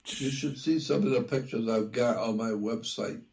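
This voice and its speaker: An older American man talking slowly in a casual conversation, repeating himself and spelling words out. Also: medium pitch, vocal fry, darkish tone, rough recording. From United States. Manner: slow and repetitive, spells words out. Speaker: talk show guest. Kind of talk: casual radio-style conversation.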